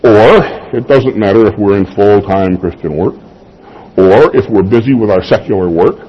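Preaching at normal speed in a voice on the low side, a pastor talks with his congregation conversationally and asks rhetorical questions. Slight background noise accompanies the slightly dull, lo-fi recording.

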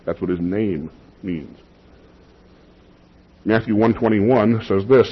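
Emphatic husky-voiced man preaching a sermon. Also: on the low side, slow, pauses often, dull audio. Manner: emphatic, repeats key phrases for weight. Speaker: pastor.

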